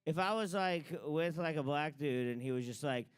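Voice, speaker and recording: A man's voice: a little high, normal speed, smooth, dry recording. A man hosting an open mic and doing stand-up, talking in a loose, rambling way full of fillers. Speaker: open mic host and comic. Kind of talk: stand-up comedy.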